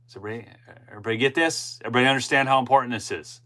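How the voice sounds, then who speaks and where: A man's voice: medium pitch, very fast, sharp tone. A middle-aged man hosting a political commentary channel, reading news aloud and breaking into impassioned asides with frequent restarts.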